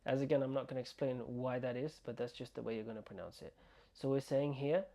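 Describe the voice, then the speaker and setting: A man teaching an online Arabic pronunciation lesson. He is patient and repeats words slowly, stretching out the sounds. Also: medium pitch, creaky, dark tone.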